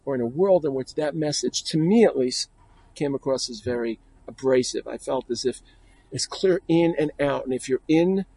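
Male rabbi, yeshiva talk, reflective storyteller, mellow and gravelly. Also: mid-range voice, moderate pace, dry recording, poor audio.

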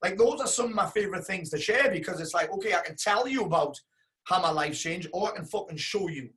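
Guy business coach on a podcast, kinda higher voice, swears a lot, calls people dude. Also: lively intonation, fast talker, fairly bright tone. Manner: emphatic, frequent swearing, says "dude". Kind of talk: casual podcast chat.

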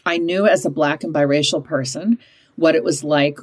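A woman in her fifties telling parenting stories in an interview, emphatic and animated, often switching into higher voices to act out quoted parents and kids. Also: moderate pace. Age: 50s. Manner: emphatic, punctuates points with "okay?". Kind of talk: conversational storytelling in an interview.

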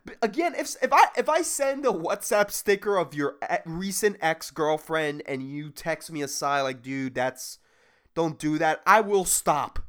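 A man's voice: high-pitched, expressive, moderate pace, a bit bright. A man hosting a solo comedy podcast, rambling and swearing, laughing at his own jokes. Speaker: podcast host.

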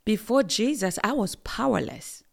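A woman from Uganda giving an earnest personal testimony as a guest, emphatic and dropping to soft near-whispers at intense moments. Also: medium pitch, expressive, moderate pace, gravelly.

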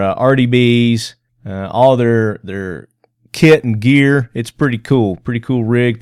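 A man hosting a podcast, chatting in a casual, upbeat way. His voice sits at a middle pitch. The recording is dry and close. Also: darkish tone, smooth, no room sound. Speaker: podcast host.

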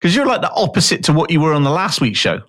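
A man's voice: a little high, big pitch swings, fast, fairly bright tone. A man co-hosting a podcast, chatting casually with dry, laid-back ribbing. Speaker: podcast co-host. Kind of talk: casual chat.

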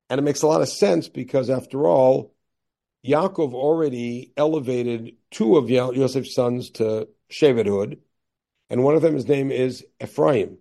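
Gravelly-voiced man giving a Bible lecture. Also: a little high, mellow. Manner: explanatory, asks rhetorical questions and answers them; reads Hebrew verse slowly, then explains quickly. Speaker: rabbi teaching Torah.

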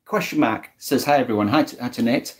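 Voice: mid-range voice, fast talker. Easygoing middle-aged co-host. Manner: easygoing, reads out messages with dry remarks. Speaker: podcast co-host reading the live chat. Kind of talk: casual chat. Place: living room at home.

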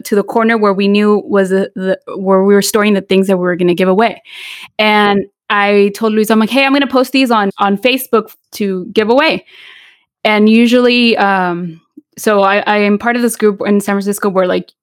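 A woman's voice: mid-range voice, no echo, studio quality. A woman, co-hosting a casual chat and rambling heartfelt, switching into Spanish. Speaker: podcast co-host. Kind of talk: casual chat among friends.

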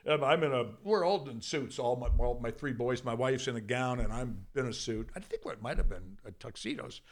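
An older man, a guest in a studio interview, telling a long anecdote in a lively, casual way with frequent swearing and bursts of laughter. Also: medium pitch, fairly quick. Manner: animated, swears freely, breaks into laughter.

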